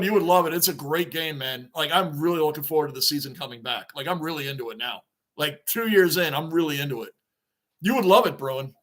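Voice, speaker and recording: A man hosting a live sports reaction stream, excitable and rambling as he answers viewers' chat. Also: sits high. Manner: excitable, talks back to chat comments, rambling.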